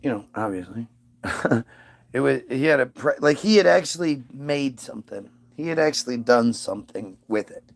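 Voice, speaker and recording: A man's voice: medium pitch, animated, moderate pace, gravelly. A father casually telling a personal story, aggrieved and profane, with many restarts.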